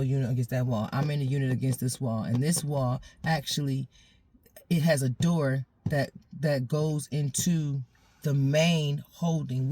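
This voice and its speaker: A woman telling a personal story in a casual, animated way, laughing often and repeating phrases. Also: rumbling low.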